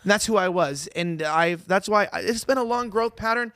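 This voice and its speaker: A man's voice: high voice, moderate pace, fairly bright tone, clean tone, no echo, studio quality. A young man co-hosting a casual podcast, rambling with lots of restarts and fillers. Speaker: co-host.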